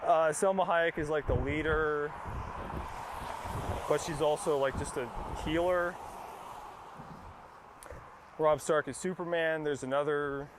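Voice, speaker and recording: A man's voice: a little high, steady tone, takes it slowly, long pauses, noisy background. A young man casually recapping a movie, rambling and dismissive, with lots of fillers and swearing. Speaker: podcast host.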